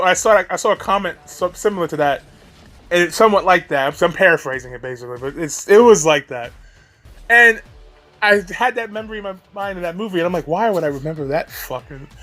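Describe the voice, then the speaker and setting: A man's voice: fairly high pitch, a bit bright. A man giving ranting video commentary, exasperated and profane, breaking into laughs between points.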